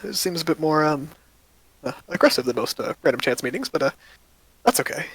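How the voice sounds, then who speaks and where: A man's voice: on the high side, animated, brisk, husky, no room sound, pitched above the performer's own voice, exaggerated voice, poor audio. A man voicing a kindly female shopkeeper. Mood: friendly. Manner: gentle, hesitant, many fillers. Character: kindly polite female shopkeeper of a magic tea shop.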